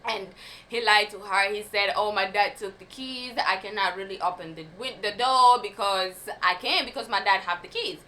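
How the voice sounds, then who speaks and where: A woman's voice: medium pitch, normal speed, bright, forceful tone, rough recording. A young woman in a casual storytime vlog, talking animatedly, swearing and laughing often. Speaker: vlogger telling a story.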